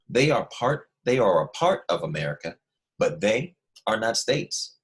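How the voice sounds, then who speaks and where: A man teaching a lesson to first graders, speaking slowly and clearly, repeating key words and prompting the class to say them back. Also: on the low side. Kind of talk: classroom lesson for young children.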